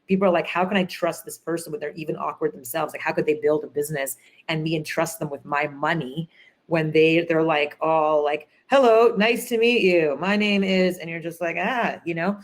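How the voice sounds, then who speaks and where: Entrepreneur guest, a woman with a deep voice, chatty and animated, acts out what people said. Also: brisk. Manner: animated storyteller, acts out quotes, many fillers. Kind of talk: conference interview, storytelling.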